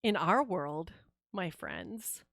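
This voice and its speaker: A woman's voice: on the low side, wildly swooping pitch, drawn-out words, gravelly, a bit bright, no room sound, clean studio sound. A woman streaming a game live, chatting casually and expressively with her viewers and reacting with laughs and sighs. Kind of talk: casual live-stream chat while gaming.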